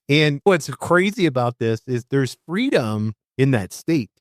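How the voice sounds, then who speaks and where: A man's voice: medium pitch, animated, normal speed, hardly any pauses, no room sound, studio quality. A man hosting a casual spiritual conversation about recovery, talking emphatically, swearing freely and acting out the voices in his head.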